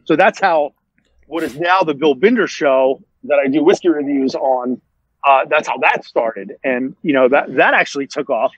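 A man's voice: on the high side, fairly quick, slightly rough, no echo. A man, a podcast guest, telling a long casual story full of fillers and restarts. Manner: rambling, many fillers and restarts. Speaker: interview guest. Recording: dull, dry sound.

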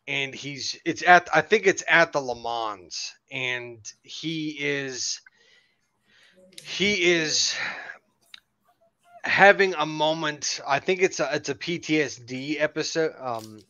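Bright-voiced man, animated storyteller. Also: mid-range voice, no echo. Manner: animated storyteller, laughs often. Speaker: podcast co-host. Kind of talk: casual chat.

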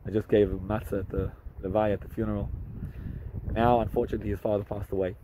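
A man, a rabbi, telling a story to camera in an animated way, with hesitant restarts and fillers. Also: quick pace, noisy background. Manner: animated, jumps up in pitch for quoted speech.

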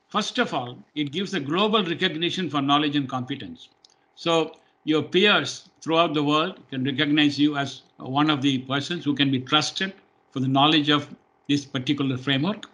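Male webinar presenter, bright and a bit high-pitched, explanatory, filler-heavy. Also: moderate pace. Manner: plain and explanatory, with many fillers. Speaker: webinar presenter, training firm head.

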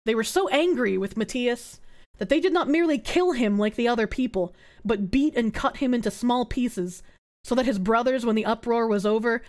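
A young adult woman streamer reading history aloud and breaking off for sarcastic, swearing asides to her chat. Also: on the high side.

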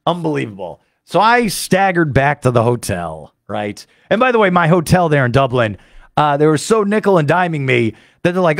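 An excitable male sports radio host recounts a trip in a solo monologue and mimics the voices of people he met. His voice sits a little high and swings widely in pitch, with a gravelly edge. The sound is close and dry. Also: normal speed, no echo.

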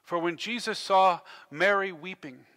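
A male pastor preaching an impassioned sermon, dropping to a hush and then rising to loud declarations. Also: sits high, measured pace. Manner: impassioned, swinging between hushed and loud delivery. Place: church. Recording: long church-hall reverb.

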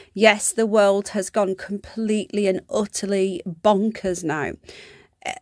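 A woman's voice: mid-range voice, dry recording, studio quality. A woman from the UK giving a casual, incredulous commentary to her viewers as a vlogger. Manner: incredulous, exasperated ranting.

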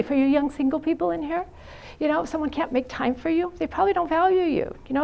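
Frank, gravelly middle-aged woman lecturing. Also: high voice, a little mellow. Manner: frank, chatty, anecdotal, many "you know" fillers. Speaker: psychiatric nurse lecturer. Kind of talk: university lecture. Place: university classroom.

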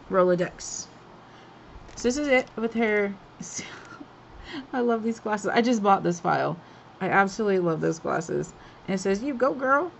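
A woman's voice: mid-range voice, vocal fry, slight background noise. Chatty craft lady unboxing stuff, gushes and giggles a lot, kinda muffled recording. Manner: chatty and gushing, laughs often. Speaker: craft swap host. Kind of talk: casual craft unboxing chat.

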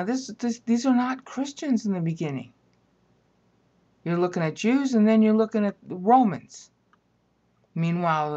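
A woman teaching a Bible lecture in a conversational way, often stopping to ask "okay?". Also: fairly low pitch. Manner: conversational, keeps checking in with "okay?". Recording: dull lo-fi recording.

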